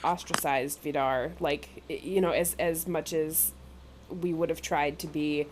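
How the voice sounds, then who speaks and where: Woman player, somewhat low voice, halting casual talk, faint hiss behind. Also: steady tone. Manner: halting, restarts a lot. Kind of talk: casual tabletop game chat.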